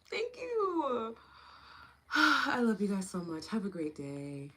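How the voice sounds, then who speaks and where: A woman host who guides an EFT tapping session and then chats with her livestream viewers, thanking them one by one with open affection. She talks softly while guiding and more freely afterward. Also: mid-range voice, sing-song, takes it slowly. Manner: soft and hushed while guiding.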